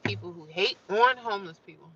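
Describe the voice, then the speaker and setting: A woman's voice: mid-range voice, fairly quick, bright, forceful tone, lo-fi sound, a little hiss or hum. A woman ranting on a live stream, emphatic and fiery, repeating and drawing out her phrases. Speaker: livestreamer.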